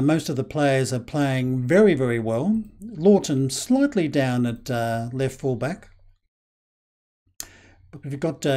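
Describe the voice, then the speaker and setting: A Scottish man giving casual, excitable play-by-play commentary over a football management game, with lots of fillers. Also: mid-range voice. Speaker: game channel host.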